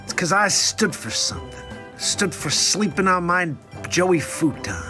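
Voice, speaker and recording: A man's voice: high voice, very animated, unhurried, music in the background. A man doing a comedic impression of an elderly male president who rambles through a victory speech with meandering asides. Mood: rambling.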